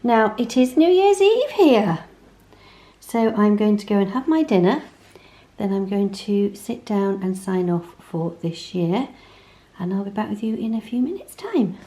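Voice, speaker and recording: A woman's voice: mid-range voice, expressive, moderate pace, warm tone. A woman chatting casually in a sewing vlog, rambling and self-deprecating, talking into a phone at home. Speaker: sewing vlogger.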